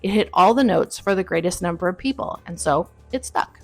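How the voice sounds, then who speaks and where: A woman's voice: fairly low pitch, animated, brisk, soft background music. A woman hosting a podcast, reading a wry, explanatory script. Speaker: podcast host.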